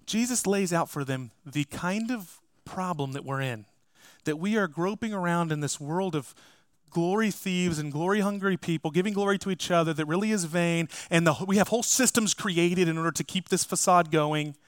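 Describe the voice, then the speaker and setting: A man's voice: high-pitched, normal speed, dry recording. A man preaching a sermon as pastor, emphatic and speaking straight to his congregation. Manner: emphatic, addresses the congregation directly.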